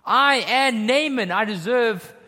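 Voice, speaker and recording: A preacher putting on an indignant proud commander. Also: male voice, extremely high pitch, slow pace, bright, forceful tone, pitched above the performer's own voice, full character voice. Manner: affronted, demanding, self-important. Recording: long hall reverb.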